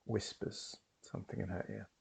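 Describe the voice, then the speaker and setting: A man's voice: on the low side, flat delivery, moderate pace, gravelly, a little mellow, breathy edge. A man narrating a tabletop role-playing game as game master, hesitant with fillers.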